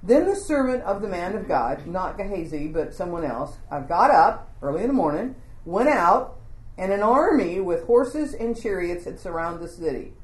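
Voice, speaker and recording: A woman teaching a Bible lesson to a group, telling the story in an informal, animated way and asking the group questions. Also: lowish voice, moderate pace, echoey room.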